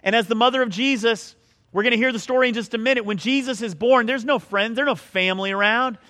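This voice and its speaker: A man's voice: very high-pitched, quick pace, pushed and bright. A middle-aged male pastor preaching a sermon, telling a self-mocking personal story in a conversational way.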